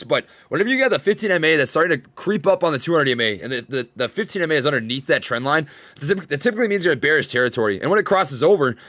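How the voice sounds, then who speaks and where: A young man with a Minnesota accent hosting a live trading podcast, talking fast and hyped. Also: on the high side, no echo. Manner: fast-talking, energetic hype. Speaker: podcast host. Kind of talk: casual trading livestream chat. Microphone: studio desk microphone.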